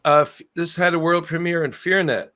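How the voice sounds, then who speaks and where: A man's voice: fairly high pitch, fairly even intonation, normal speed, bright, forceful tone. A man telling a long story in a casual interview, often trailing off and starting his sentences over. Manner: rambling, trailing off and restarting. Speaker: guest musician.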